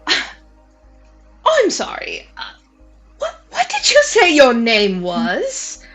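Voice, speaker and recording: A woman's voice: sits high, huge pitch swings, very slow, fairly bright tone, soft background music, exaggerated voice. A woman voicing an elderly female swan, theatrical and tearful, who gushes and calls everyone darling. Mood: gracious.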